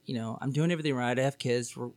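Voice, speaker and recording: A man's voice: mid-range voice, fairly even intonation, rapid-fire, no room sound. A man, a podcast guest, telling his own story in a candid, sarcastic, rambling way with many fillers. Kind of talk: casual storytelling.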